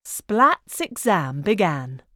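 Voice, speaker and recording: A woman reading a children's picture book aloud in a clear, expressive way. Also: fairly low pitch, drawn-out words, dry recording, studio quality. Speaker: storyteller.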